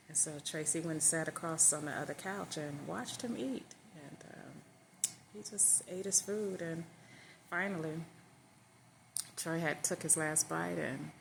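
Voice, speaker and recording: Woman casually telling a story, kinda low voice, hissy recording. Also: gravelly.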